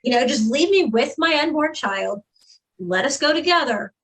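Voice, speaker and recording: A woman's voice: high-pitched, expressive, normal speed, fairly bright tone, poor audio. A woman giving a candid, earnest personal testimony as a guest in an interview, with frequent fillers.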